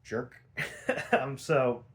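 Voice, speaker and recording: A man's voice: mid-range voice, fairly even intonation, very slow. A young man hosting a podcast, recapping a cartoon episode in a loose, chatty way, full of fillers, swearing and laughter. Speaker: podcast host.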